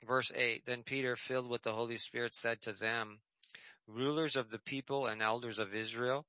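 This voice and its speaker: A man's voice: medium pitch, fairly even intonation, normal speed, sharp tone, no echo, rough recording. A man hosting a call-in radio program, reading scripture and preaching emphatically, repeating key phrases, then taking callers. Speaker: radio show host and preacher.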